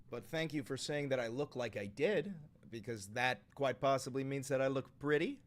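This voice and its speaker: A man's voice: mid-range voice, lively intonation, moderate pace. Joking, swearing livestream host, man. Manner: loose and joking, swearing, talks to chat; swings from loud to quiet. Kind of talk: casual livestream chat. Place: home room. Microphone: studio microphone.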